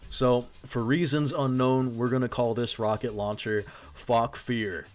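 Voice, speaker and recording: A man's voice: medium pitch, steady tone, measured pace, soft background music. A young man doing profane, joking gameplay commentary as a voice-over, laughing at his own gags. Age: young adult. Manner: crude, profane and irreverent. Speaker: video essay host.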